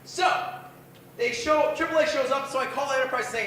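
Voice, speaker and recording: A man's voice: very high-pitched, fairly quick, pushed and bright, very echoey, a little hiss or hum, low-quality recording. A man in his twenties telling a rambling, profane, self-deprecating story as a stand-up performer at a bar open mic night. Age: 20s.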